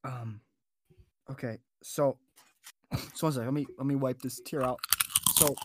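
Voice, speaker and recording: A man's voice: mid-range voice, steady tone, moderate pace. A man co-hosting a comedy podcast, talking in theatrical, melodramatic bursts. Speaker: podcast co-host.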